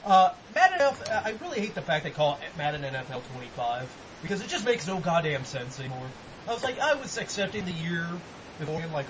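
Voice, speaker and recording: Animated, rambling male podcast host. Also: a little high, fairly quick, background noise. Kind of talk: casual podcast chat.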